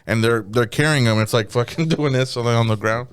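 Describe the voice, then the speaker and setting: A man's voice: mid-range voice, brisk, smooth. A man on a casual comedy podcast, telling stories loosely and with a lot of swearing, acting out the people he describes. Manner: loose, profane storytelling, acts out quoted voices. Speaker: podcast co-host.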